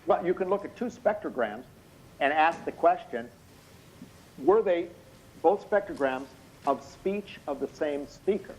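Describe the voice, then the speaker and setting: A tired, slightly hoarse man giving expert courtroom testimony over a video call, explaining things in a measured way with many hesitant fillers. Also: on the high side, expressive, darkish tone, a little hiss or hum. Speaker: expert witness. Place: indoor room at night. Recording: muffled video call audio.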